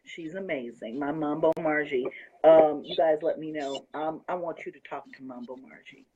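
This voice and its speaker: Host: woman, husky, effusive and gushing, slightly muffled lo-fi sound. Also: sits low, moderate pace, mellow. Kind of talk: excited casual chat.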